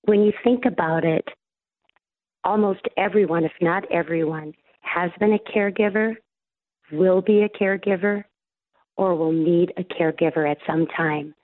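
A woman speaking as an interview guest from a caregiving agency, giving steady, explanatory answers. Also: on the low side, moderate pace, no room sound. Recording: dry tinny phone line.

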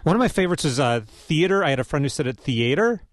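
A man's voice: a little high, animated, very fast, dry recording. Man radio host, dry studio sound. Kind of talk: public radio talk show hosting.

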